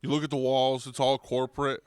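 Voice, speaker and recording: A young man hosting a podcast, ranting comedically with lots of swearing and restarts, getting louder and higher when worked up. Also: level tone, fairly quick, clean tone, no room sound, studio quality. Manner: rambling, profane, restarts, goes loud and high when riled. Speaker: podcast host. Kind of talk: comedic rant.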